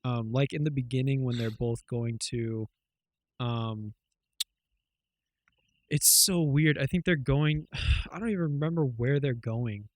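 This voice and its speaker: A man's voice: medium pitch, a little slow, long pauses, no room sound. Rambling man in casual podcast chat. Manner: rambling, loose retelling full of fillers and swearing. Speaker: podcast co-host.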